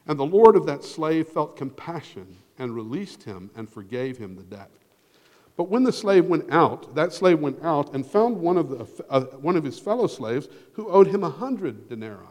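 Male pastor, sermon delivery, lively pitch swings, long hall reverb. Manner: earnest preaching, swells loud then drops to near whisper.

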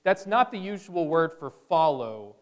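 A man's voice: on the high side, big pitch swings, unhurried. A male pastor preaching a sermon in a conversational way, with bursts of energy.

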